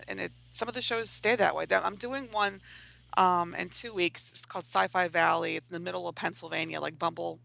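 A woman with a gravelly, fry-heavy voice and a bright edge talks about comic shows. She rambles, restarts, and mocks herself in loose panel chat. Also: fairly low pitch, fairly even intonation, a little fast, low-quality recording. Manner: rambling, self-mocking, swears casually. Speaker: comic artist.

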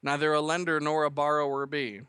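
A pompous father intones old proverbs slowly, as though each one were a grand pronouncement, as a man reading a story puts him on. The voice is bright and a little raised, in a close, dry sound. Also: on the high side, little pitch movement, clear, resonant tone, dry recording. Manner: slow and pronouncing.

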